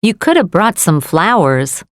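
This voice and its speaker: A woman reading pronunciation example sentences in a clear, demonstrative way. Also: lowish voice, sing-song, a little slow, no room sound, clean studio sound.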